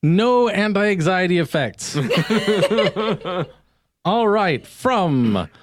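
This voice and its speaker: Man, podcast host, mock-grand and playful, lively pitch, slow, dry close mic. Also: no echo. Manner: mock-grand, playful, reads tweets aloud. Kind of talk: casual comedy podcast chat.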